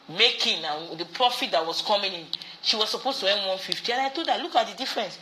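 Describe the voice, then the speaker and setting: A Nigerian woman coaches business owners in a bright, crisp voice and repeats her key points for emphasis. Faint background noise sits under her voice. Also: medium pitch, rough recording. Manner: repeats phrases for emphasis, storytelling. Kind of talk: teaching a business talk.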